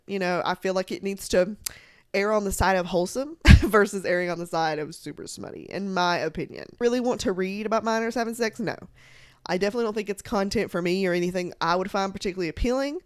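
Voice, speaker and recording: A young woman chatting casually about books to her followers, animated and full of filler words and laughter. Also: mid-range voice, no room sound, studio quality. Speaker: book content creator. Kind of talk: casual chat to camera.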